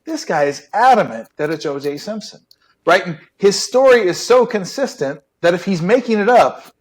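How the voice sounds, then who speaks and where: A middle-aged man, a former police detective, telling a story in a casual interview, relaxed and chatty with many fillers. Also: sits high, normal speed, husky. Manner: relaxed, chatty, many "right?" and "you know". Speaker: retired police detective guest.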